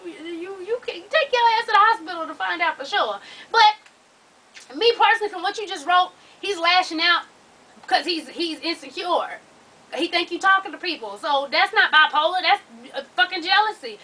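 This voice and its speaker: A woman's voice: very high voice, lively intonation, moderate pace, pushed and bright, recorded from a distance, rough recording. A woman hosting an advice vlog, talking bluntly and sassily with plenty of profanity. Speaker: advice show host.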